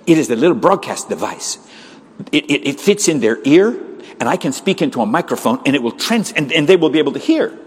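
A man's voice: on the high side, very animated, fairly quick, slightly rough. A male preacher quoting an eager, resourceful husband who offers to help his church. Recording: long reverb of a large hall.

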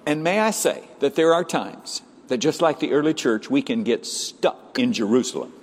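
A man preaching a sermon as pastor, animated, swinging from loud, high exclamations to hushed, low passages. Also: moderate pace, big-room sound.

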